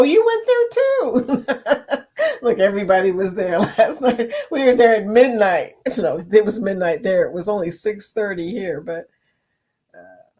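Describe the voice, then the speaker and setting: This livestream host is a woman with a mid-range, somewhat dark voice. She keeps things casual with her audience, frequently laughing as she goes through their comments.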